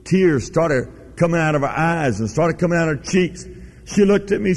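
A man's voice: a little high, animated, moderate pace, a little mellow. A man preaching a sermon, telling a story in a folksy, emphatic way. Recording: long reverb of a large hall.

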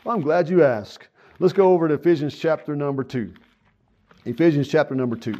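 A man's voice: medium pitch, quick pace, dark tone. Earnest folksy man preaching a sermon. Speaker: pastor. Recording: dull lo-fi sound.

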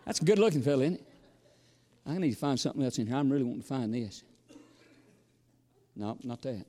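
A man's voice: mid-range voice, lively intonation, fairly quick, dark tone, in a large hall. A man preaching a sermon, folksy and storytelling, sometimes exclamatory and sometimes chatty. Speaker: visiting preacher.

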